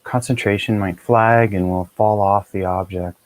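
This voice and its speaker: A man with a very low voice leads a guided meditation, calm and measured. His delivery stays flat and even, with little rise or fall. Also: no room sound, rough recording. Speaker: meditation teacher.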